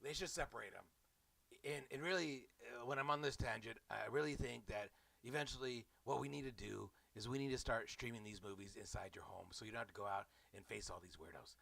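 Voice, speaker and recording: A man rambles through a sarcastic comedic movie recap, mocking the people around him and tripping over his own words. His voice sits low with a gravelly fry and a bright, forceful edge. The sound is dry and close, with no room around it. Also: fairly quick, no room sound. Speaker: movie reviewer.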